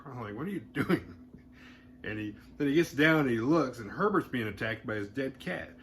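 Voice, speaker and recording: A man casually retelling a horror film plot in a loose, rambling way, slipping into quick voiced asides. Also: lowish voice, a bit bright, slight background noise. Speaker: horror movie podcast host. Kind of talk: casual movie recap.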